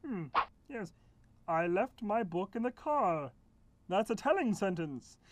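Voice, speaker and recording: A woman's voice: mid-range voice, big pitch swings, slow, a little mellow, a little hiss or hum. A patient period-mark pal played by a woman. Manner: patient, explaining, humming "hmm" often. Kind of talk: children's educational puppet skit.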